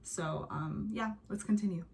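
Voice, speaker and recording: A young woman chats casually about a song's music, using lots of fillers and humming or singing short examples as she reacts. Her voice is medium-pitched with vocal fry, at a measured pace.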